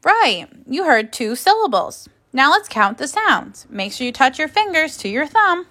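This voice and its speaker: A woman teaching a phonics and grammar lesson to young children, speaking slowly and carefully in an encouraging classroom manner. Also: high voice, big pitch swings, sharp tone.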